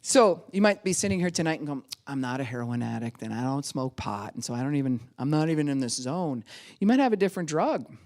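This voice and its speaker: A woman pastor delivers a sermon with a lively pitch that climbs and dips freely. She acts out quoted voices along the way and laughs often as she talks. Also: fast.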